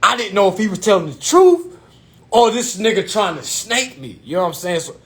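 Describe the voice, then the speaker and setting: A young man telling a personal story to his viewers in an animated, profane way, repeatedly asking if they follow him. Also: high voice, a little fast. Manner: animated, profane, addresses viewers as "y'all", keeps asking "you know what I'm saying".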